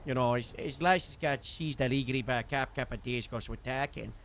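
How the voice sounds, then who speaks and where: A man casually recounting a role-play shift as a streamer, rambling with lots of fillers and animated bursts. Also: medium pitch, fast, slight background noise. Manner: rambling, full of "you know" and "like" fillers; animated retelling with sudden loud bursts. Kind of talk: casual storytelling recap.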